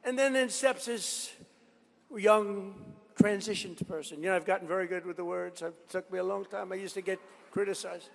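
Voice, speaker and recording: A man's voice: sits high, moderate pace, gravelly. A man in his seventies giving a rambling, boastful rally speech in a large college hall. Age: 70s. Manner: rambling, boastful, digressive storytelling. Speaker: political speaker. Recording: reverberant hall sound.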